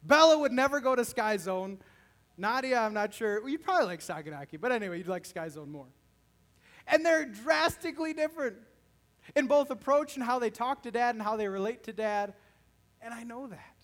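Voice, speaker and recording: A man's voice: very high voice, animated, a little fast, fairly bright tone. A man, a pastor, preaching a sermon and speaking directly to his congregation with frequent questions.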